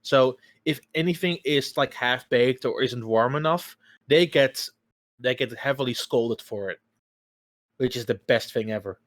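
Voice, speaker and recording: A man from the Netherlands chatting casually on a podcast, animated and quick to laugh. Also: medium pitch, dry recording. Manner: animated storyteller, laughs often. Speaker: podcast guest. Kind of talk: casual chat.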